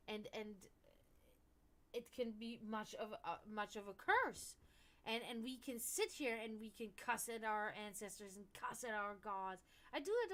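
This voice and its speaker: A woman hosting a stream and chatting casually and frankly, swearing often and rambling with many restarts, dropping to murmurs and then rising to loud outbursts. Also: mid-range voice. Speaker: stream host. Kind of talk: casual esoteric chat.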